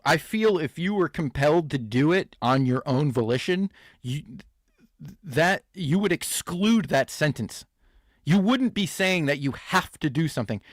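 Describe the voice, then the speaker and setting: Brief: male reaction host, sarcastic riffing, slightly high voice, dry close mic. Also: no echo. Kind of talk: comedic reaction commentary.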